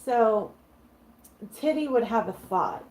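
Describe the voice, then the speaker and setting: A woman's voice: on the high side, lively intonation, takes it slowly, a little mellow, rough recording. A woman playing a tabletop game, chatty and thinking aloud about her ideas. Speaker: player. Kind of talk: casual tabletop play.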